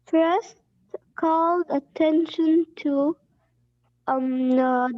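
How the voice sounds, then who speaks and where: A woman's voice: sits high, fairly even intonation, extremely slow, far from the mic, highs cut off. A young woman student reading aloud hesitantly in class.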